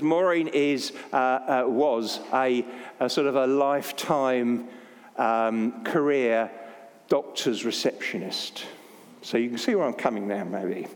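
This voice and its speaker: A man's voice: high voice, expressive, measured pace. An older man preaching as a Baptist pastor, jokey and anecdotal, poking fun at himself. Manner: jokey, anecdotal, self-deprecating. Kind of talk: sermon. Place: church. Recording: long church reverb.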